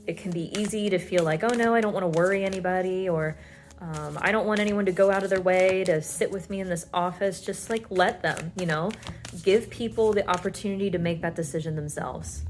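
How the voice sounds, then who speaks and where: A woman's voice: lowish voice, slight background noise. A woman giving a pick-a-card tarot reading, talking in a soothing, reassuring way with many fillers.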